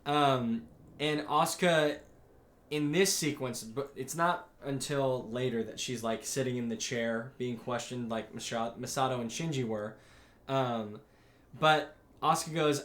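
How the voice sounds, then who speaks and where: A young man co-hosting a podcast, chatting casually and recapping scenes with animated, profane reactions. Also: mid-range voice, measured pace, roomy sound. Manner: animated recapping, reads out scene quotes, swears freely. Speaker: podcast co-host. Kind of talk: casual chat.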